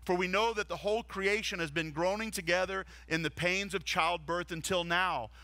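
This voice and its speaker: A man's voice: sits high, fairly even intonation, moderate pace, pushed and bright, no room sound. A man, a lead pastor, preaching a sermon earnestly and asking the congregation rhetorical questions. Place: church stage.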